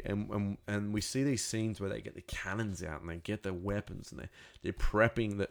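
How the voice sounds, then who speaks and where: A man with a fairly low voice talks through an episode off the cuff. He stumbles, restarts and drops in sound effects as he goes, getting more excited at the big moments. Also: creaky. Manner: rambling, animated, with many restarts and sound effects. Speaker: show recapper. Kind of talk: casual spoken recap.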